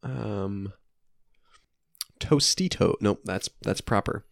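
A man's voice: lowish voice, slow pace, creaky, no room sound, clean studio sound. A man co-hosting a casual chat while playing word games, joking and playfully defensive. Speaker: co-host.

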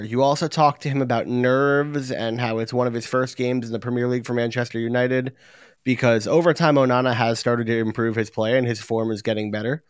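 A man's voice: mid-range voice, brisk, clear, resonant tone, no room sound. Guy hosting a soccer chat, gets fired up telling stories, swears a bit, dry sound. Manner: animated storytelling, swears casually. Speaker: podcast host. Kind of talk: casual sports chat.

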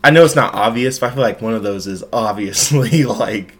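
A man's voice: fairly low pitch, brisk, fairly bright tone. A young man from the United States chats loosely on his podcast. His delivery rambles and jokes, filled with "like" and restarts. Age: young adult. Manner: rambling, joking, heavy use of "like". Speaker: podcast host. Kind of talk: casual chat.

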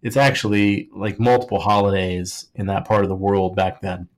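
A man's voice: low voice, flat delivery, normal speed. A man co-hosting a podcast, rambling jokily through a history topic in casual chat, filling his talk with "like" and restarts. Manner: rambling and jokey, heavy use of "like", frequent restarts. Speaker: podcast co-host.

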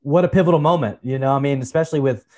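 A man's voice: medium pitch, very fast, warm tone. Casual man in his forties telling a story. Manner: casual, repeats "you know", calls the host brother. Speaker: podcast guest. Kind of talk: personal storytelling in a conversation.

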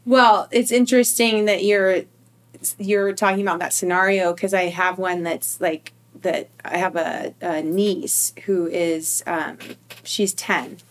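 A woman's voice: fairly low pitch, steady tone, measured pace. A woman guest in an interview, telling a personal family story in a candid, heartfelt way with many fillers and restarts.

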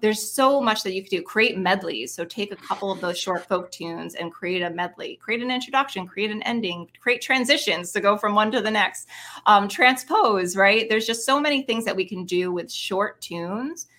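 A woman piano teacher explaining her methods in an interview, animated and singing short rhythm syllables to demonstrate. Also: mid-range voice, moderate pace. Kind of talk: interview explanation with sung examples.

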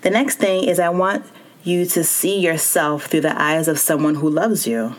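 A woman's voice: low voice, steady tone, moderate pace. A woman hosting a solo wellness podcast, talking straight to her listeners in an encouraging way. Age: adult with child and spouse. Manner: warm encouraging, speaks directly to listener. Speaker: podcast host.

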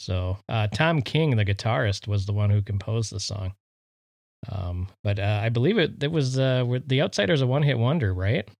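A man's voice: fairly low pitch, expressive, normal speed, gravelly, darkish tone, dry recording. A man co-hosting a casual chat show, easygoing and offering facts with many fillers. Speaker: podcast co-host.

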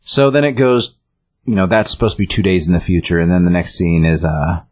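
A man with a very low, husky voice talks through a comic book story in a loose, rambling way. He stumbles and restarts often as he recaps. It is a casual show chat. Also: fairly even intonation, brisk, darkish tone.

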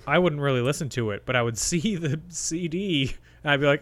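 A young man co-hosting a film podcast, reading out facts in a halting, relaxed way and chatting casually. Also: a little high. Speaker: podcast co-host. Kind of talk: casual chat.

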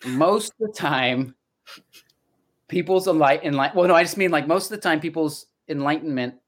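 A man's voice: fairly high pitch, moderate pace. A middle-aged man and voice actor talking casually as a podcast guest, reflective and storytelling, often restarting his sentences. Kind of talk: casual conversation.

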